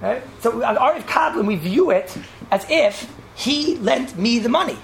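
Gravelly woman teaching a religious law class. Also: on the high side, lively intonation, normal speed, a little hiss or hum. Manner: conversational, often checks in with "right?"; repeats and restates points to make them clear. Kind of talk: informal Jewish law class.

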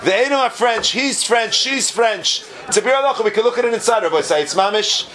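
A man teaching a Talmud class, asking and answering his own questions in an animated way, with many Hebrew and Aramaic terms. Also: sits high, a little fast.

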